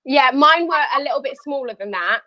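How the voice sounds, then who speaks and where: A woman's voice: high voice, lively intonation, a little fast, pushed and bright, dry recording, studio quality. A woman chatting on a podcast, a bit hesitant with frequent ums. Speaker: podcast guest. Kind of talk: casual chat.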